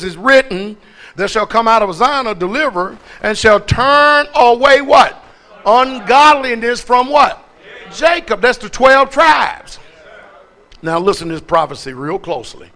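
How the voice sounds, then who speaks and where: A man's voice: high voice, animated, normal speed, bright, forceful tone. A man preaching a sermon as pastor, calling out questions to the congregation and repeating words for emphasis.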